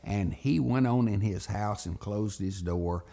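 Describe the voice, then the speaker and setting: A man's voice: lowish voice, a little slow, creaky. A man telling a childhood story as a lesson for children, acting out every voice. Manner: animated, acts out voices.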